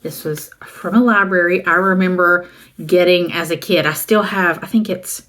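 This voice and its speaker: A woman's voice: fairly low pitch, moderate pace, a bit bright. A middle-aged woman from the American South, chatting casually and rambling as she shows a used book haul and reads the titles aloud. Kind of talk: casual chat.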